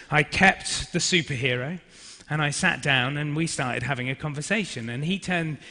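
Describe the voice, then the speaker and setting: A young man tells a personal story to a forum audience in a bright, forceful voice. He is lively and anecdotal, acting out what people said. His voice rings with the long reverb of a large hall. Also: a little high. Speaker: speaker at a business forum.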